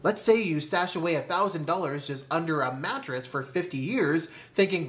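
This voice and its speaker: Deliberate motivational money-talk host. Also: medium pitch, lively intonation. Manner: addresses listener as "my friend", asks rhetorical questions; slow, deliberate emphasis on key phrases. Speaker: personal finance video host.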